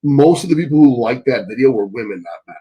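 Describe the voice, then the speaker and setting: A man hosting a live stream Q&A, reading chat questions and answering bluntly, swearing often and getting excitable. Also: mid-range voice, fast, husky, muffled recording.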